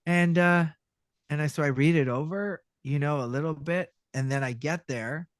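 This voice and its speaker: Guy telling stories on a podcast, acts out every voice, kinda high, dead dry studio. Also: normal speed, no room sound. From Canada. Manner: animated, acts out the people in his stories. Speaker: guest, voice actor. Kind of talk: storytelling interview.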